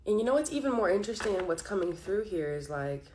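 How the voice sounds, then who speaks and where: A woman's voice: mid-range voice, very animated, fast, darkish tone, slight background noise. A young woman giving a casual tarot reading, chatty and giggly, filling her talk with "like". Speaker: tarot reader.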